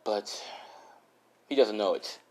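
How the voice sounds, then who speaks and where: A man's voice: fairly low pitch, slow pace. A young man casually improvising a fan story, rambling, swearing and correcting himself as he goes.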